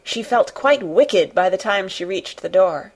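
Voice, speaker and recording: A woman reading a classic novel aloud as an expressive audiobook narrator. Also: medium pitch, unhurried. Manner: expressive storytelling. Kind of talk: scripted narration.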